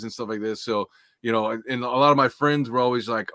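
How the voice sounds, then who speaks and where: A man's voice: on the low side, steady tone, fairly quick, bright, forceful tone, smooth, no room sound, studio quality. Laid-back swearing male podcast host. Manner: laid-back, swears freely, trails off with fillers. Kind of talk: casual chat.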